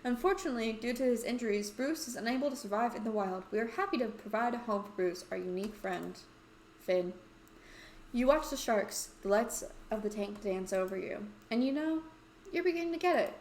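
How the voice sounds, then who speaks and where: A woman with a fairly high voice reads a narrative game aloud, dropping in playful, chatty comments. Her voice echoes around the room over a faint hum. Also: expressive, a little fast, darkish tone. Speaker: let's play host. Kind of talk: reading a story game aloud.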